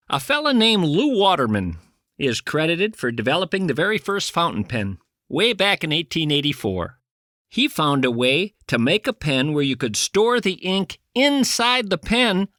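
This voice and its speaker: A man's voice: high-pitched, bright, forceful tone, no echo, clean studio sound. A man hosting a podcast, riffing in a rambling comic monologue with theatrical mock outrage. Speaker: podcast host. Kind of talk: rambling comic monologue and prank phone call.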